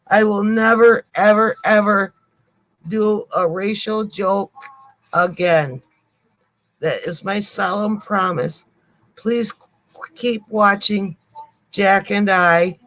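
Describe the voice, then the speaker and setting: An older woman co-hosting a live stream, apologizing to viewers in halting speech with many pauses and repeated words. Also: medium pitch, low-quality recording.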